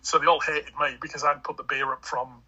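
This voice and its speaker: Forceful husky man with a Hull accent. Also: on the high side, little pitch movement, brisk, highs cut off. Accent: English, Hull. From England (Hull). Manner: chatty and rambling, many fillers and restarts. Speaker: guest. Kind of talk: casual chat.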